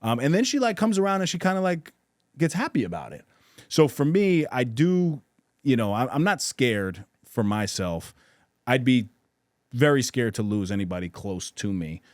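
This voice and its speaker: A man's voice: mid-range voice, sing-song, normal speed, no echo, clean studio sound. A man in casual podcast conversation, talking in an earnest, reflective way with frequent restarts and self-corrections.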